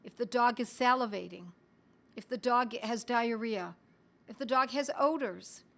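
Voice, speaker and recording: A middle-aged woman teaching on a live stream in a chatty way, talking straight to her viewers and reading their comments aloud, with the odd cough and throat clearing. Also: a little high, a little slow, a bit bright. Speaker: homeopathy educator hosting a live stream.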